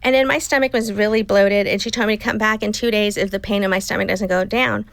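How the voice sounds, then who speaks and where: A woman in her fifties recounts a hard personal story in conversation, voicing each exchange as quoted dialogue. Her mid-pitched voice has a gravelly fry, and the recording is close and dry. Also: fairly even intonation, fast, no echo, low-quality recording. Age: 50s. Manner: emotional, retelling dialogue in quotes. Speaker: guest.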